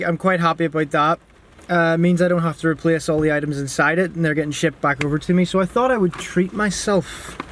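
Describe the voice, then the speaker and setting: A man's voice: fairly high pitch, a bit bright, a little hiss or hum. A young man, chatting casually and swearing freely as he vlogs from tour on a handheld action camera. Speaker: touring actor vlogging. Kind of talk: casual vlog chat.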